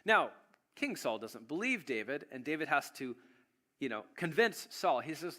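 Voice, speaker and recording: A pastor preaching a sermon, retelling a story in an animated, joking, conversational way. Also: male voice, on the high side, normal speed.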